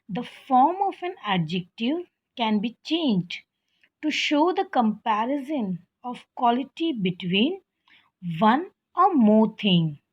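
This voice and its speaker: A woman teacher giving a slow, patient grammar lesson to children, often calling them "children" and checking that they understand. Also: fairly high pitch, breathy edge. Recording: dull lo-fi recording.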